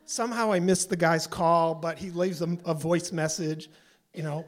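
A man in his sixties telling a story live on stage, exasperated and animated, acting out the people he quotes. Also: on the high side, normal speed. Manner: exasperated, animated, mimics voices.

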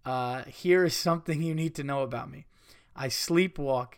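A man's voice: medium pitch, moderate pace, smooth. A young adult man hosting a comedy podcast, reading listener stories aloud with crude, laughing asides.

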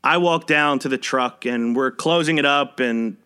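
A man's voice: mid-range voice, normal speed, pushed and bright, clear, resonant tone. A young man hosting a podcast, casually telling a personal work story in a wry, conversational way and chuckling as he goes. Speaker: podcast host.

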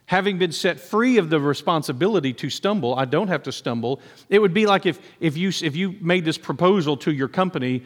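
A man's voice: sits high, lively intonation, quick pace, few pauses. A man preaching a sermon in a conversational way, often acting out quoted voices. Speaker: pastor. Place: church sanctuary. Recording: long hall reverb.

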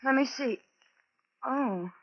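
An actress playing a scatterbrained, greedy young widow with a theatrical, whiny manner in 1940s radio acting, on a lo-fi old broadcast. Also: female voice, sits high, slow pace. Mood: melodramatic.

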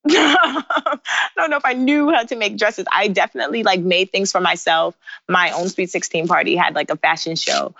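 A woman in her thirties chats animatedly about her early days, laughing often as she tells stories. Her voice sits fairly low. The recording is dry and a little dull, like a close podcast mic. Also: fairly bright tone, dry recording. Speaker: guest, bridal designer. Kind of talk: casual interview storytelling.

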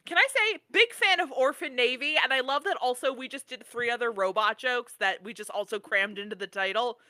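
A podcast co-host in casual chat, rambling and excitable, often cutting themself off, recorded on their own mic over a remote call. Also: medium pitch, fairly quick, no room sound. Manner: rambling, self-interrupting, excitable.

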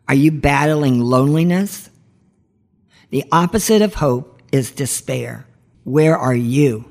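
A woman's voice: extremely low pitch, darkish tone. A woman hosting a marriage ministry podcast, giving heartfelt devotional teaching in an earnest, pleading way.

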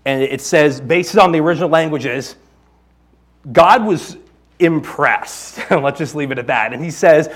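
A male pastor giving a sermon in a conversational, joking style with quick asides. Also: on the high side.

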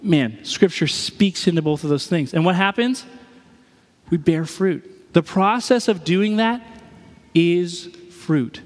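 Male pastor, high voice, expressive preaching, lively storytelling, church hall reverb. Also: slow pace. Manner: expressive, acts out everyday scenes in different voices. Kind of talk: sermon.

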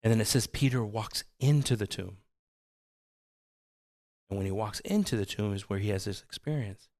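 Male pastor, low voice, earnest sermon delivery with repetition, dry sound. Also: normal speed, no echo. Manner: earnest preaching that swings from soft to loud, with repeated phrases.

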